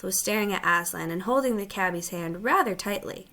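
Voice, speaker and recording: A woman narrating a children's novel aloud in an even, clear storytelling read. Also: medium pitch, brisk. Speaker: audiobook narrator. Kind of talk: scripted narration.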